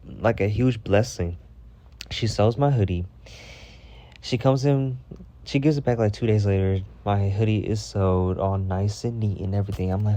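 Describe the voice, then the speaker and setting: A young man with a low, mellow voice tells a casual storytime straight to the camera. He is chatty and full of fillers, swears freely, and gets animated and loud when he is riled up. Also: normal speed. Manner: chatty with filler words and frequent "okay?" asides. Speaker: vlogger telling a story.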